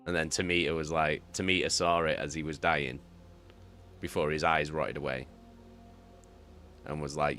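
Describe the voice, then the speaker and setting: A man with a very low, bright and forceful voice chats casually with his live audience. He is animated, swears freely and often repeats himself. Soft music plays faintly behind him. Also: unhurried. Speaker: audiobook reader and streamer. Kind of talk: casual chat with live viewers.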